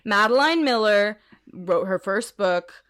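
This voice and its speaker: A woman co-hosting a podcast in casual chat, animated and ranty, swearing and laughing often. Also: medium pitch, slow pace, clean tone. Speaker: podcast co-host.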